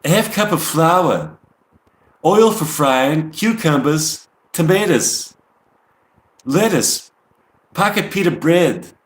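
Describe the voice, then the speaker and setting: A put-on New York accent from a female rock singer, as a man fakes her voice, rattling off ingredients in a lifted, lilting tone. The pitch leaps and swoops, and the sound rings in an echoey room. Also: expressive, takes it slowly, long pauses. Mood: recipe reading. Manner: reads ingredient lists in a raised, sing-song put-on voice.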